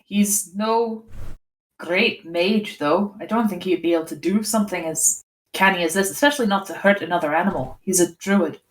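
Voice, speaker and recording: A woman's voice: on the low side, normal speed, low-quality recording. Dry-humored woman playing a tabletop game. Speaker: player. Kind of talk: casual tabletop play.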